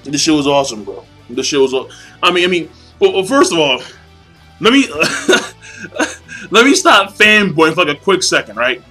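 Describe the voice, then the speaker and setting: A young man gushing about a comic chapter in a casual video review, excitable and full of swearing and slang. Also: on the high side, moderate pace, pauses often, faint music behind, low-quality recording. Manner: hyped, profane, slangy fanboy gushing.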